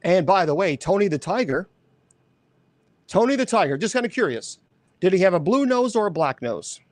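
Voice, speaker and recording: A man hosting a show, chatting casually in a rambling, animated way, often correcting himself. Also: high-pitched, normal speed, no echo. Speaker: host. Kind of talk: casual chat.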